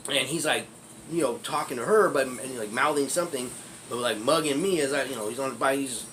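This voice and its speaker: A man's voice: mid-range voice, fairly quick, fairly bright tone, a little hiss or hum. A man telling a personal street story in a rambling, profane way, laughing often as he talks. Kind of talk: casual storytelling.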